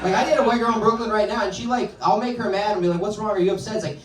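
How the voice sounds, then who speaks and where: A young man doing stand-up in a club, his slightly high voice carrying through a roomy space. Loud laughter from the crowd keeps breaking in. He rambles in a self-deprecating way and acts out the voices he quotes. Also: very fast, few pauses, far from the mic. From North Carolina, USA. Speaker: stand-up comedian. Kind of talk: stand-up comedy set. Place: comedy club with a laughing audience.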